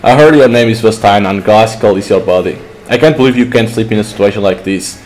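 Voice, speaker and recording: A man's voice: fairly low pitch, fast, a little mellow, natural voice, rough recording. A man reading the lines of a blunt, dry-witted young woman.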